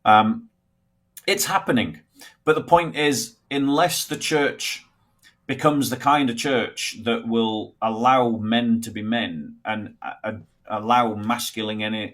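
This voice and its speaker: A British man talking in a casual livestream chat over a video call, measured and wry. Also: medium pitch, a bit bright. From United Kingdom.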